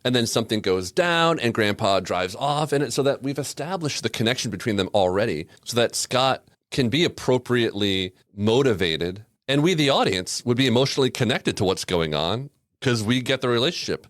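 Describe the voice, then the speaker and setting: A man's voice: medium pitch, expressive, a little fast, fairly bright tone, dry recording, studio quality. A man co-hosting a podcast in casual chat, reviewing a cartoon episode with a wry, sarcastic manner. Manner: wry and sarcastic, laughs often. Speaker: podcast co-host.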